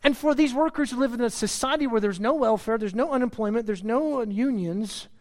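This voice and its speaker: A man preaching a sermon in a conversational way, often repeating words and restarting, then rising in pitch and loudness to stress a point. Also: brisk. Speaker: pastor.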